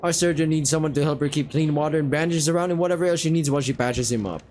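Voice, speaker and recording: A man voicing a gruff, impatient male sailor who barks orders in a brusque, slangy way. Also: fairly high pitch, rapid-fire, a little mellow, slight background noise, lightly acted.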